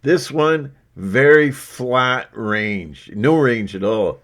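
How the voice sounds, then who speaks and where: A male vlogger with a mid-range, slightly bright voice rambles casually to his viewers, speaking extremely slowly with lively intonation. He meanders from point to point and fills his talk with verbal asides.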